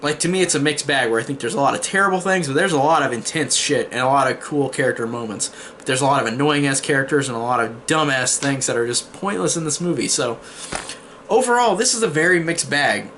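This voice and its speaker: A man's voice: mid-range voice, fast, a bit bright, slight background noise. A man giving a casual spoiler review of a horror film, retelling the plot in long "and then" chains with casual swearing.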